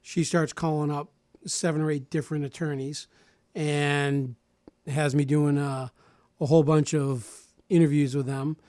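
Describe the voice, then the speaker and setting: A man in his forties telling a personal story in casual radio talk, animated and acting out other people's lines, often restarting and repeating words. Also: a little high, unhurried, dry recording, studio quality. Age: 40s.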